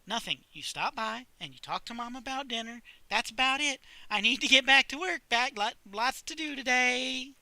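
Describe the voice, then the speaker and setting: A man's voice: very high-pitched, lively intonation, sharp tone, no echo, voice pushed up, full character voice. A man voicing a nervous, flustered young woman who stammers and halts. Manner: stammering, halting.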